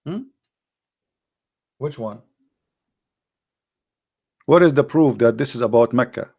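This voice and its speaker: Gravelly man firing rhetorical questions. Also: medium pitch, darkish tone. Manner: combative, rhetorical questioning, mocking. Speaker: Christian apologetics presenter. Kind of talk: argumentative religious talk.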